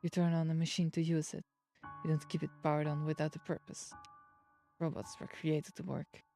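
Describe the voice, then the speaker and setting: A young woman streamer reads a story game aloud in a mellow, rather flat voice, now and then jumping into eager, playful reactions. She sits close to a streaming mic with soft game music playing under her. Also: low voice, moderate pace, gravelly. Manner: reads the text in a steady voice, breaking off into excited outbursts. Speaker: virtual streamer.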